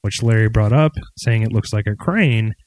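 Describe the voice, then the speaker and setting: A man co-hosting a casual comedy podcast, explaining segments in a relaxed, rambling way. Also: fairly low pitch, normal speed, no echo, rough recording. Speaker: podcast co-host.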